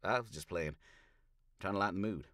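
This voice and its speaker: Man doing a rowdy backwoods wisecracker, high squeaky pitch, drawling, cheeky, dry booth sound. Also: fairly quick, a bit bright, dry recording. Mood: mocking. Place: small hot home recording booth.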